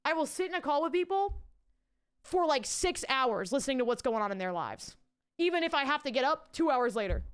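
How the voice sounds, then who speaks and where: A woman's voice: high voice, animated, fairly quick. A young adult woman, streaming and chatting casually, bubbly and rambling as she thanks her chat.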